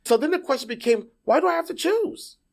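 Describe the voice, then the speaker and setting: In a casual podcast interview, a middle-aged guest from Puerto Rico tells animated stories, restarting sentences and repeating words often. His voice is very high, and he talks a little fast.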